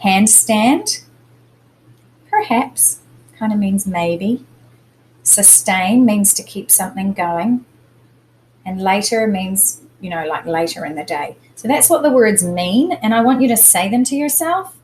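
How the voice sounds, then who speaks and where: A woman teacher of middle age walks students through a spelling lesson at a calm, patient pace. She explains step by step and leans on the stressed syllables. A faint hiss of noise sits under her voice. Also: medium pitch, unhurried, low-quality recording.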